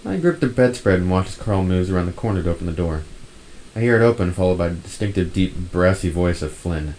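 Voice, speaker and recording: A man's voice: deep voice, animated, fast, background noise. A man reading a furry visual novel aloud in first person, breaking off for wry joking asides. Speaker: visual novel narrator and player.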